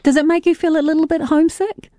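A woman's voice: extremely high pitch, steady tone, fast, dark tone, dry recording, studio quality. Teasing woman host. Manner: teasing, upbeat. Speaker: radio host. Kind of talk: casual interview.

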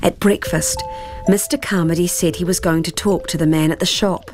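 A woman reading a storybook aloud in a measured, hushed way that drops at times into whispers. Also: on the low side, fairly even intonation, over music.

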